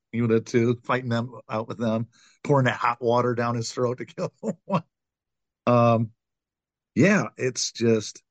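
A man's voice: medium pitch, no echo. A man co-hosting a casual movie podcast, talking with enthusiasm and laughing often. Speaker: podcast co-host. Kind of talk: casual chat.

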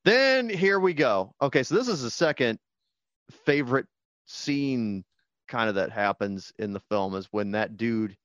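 A podcast co-host rambles casually about a movie he loves in a movie-review chat, animated and quoting lines in put-on voices. His mid-range voice moves a little slowly, with no echo.

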